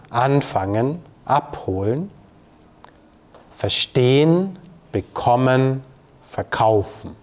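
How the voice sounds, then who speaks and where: A man teaching grammar to a learner, explaining patiently with fillers and slow, careful pronunciation examples. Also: medium pitch, darkish tone. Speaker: German teacher.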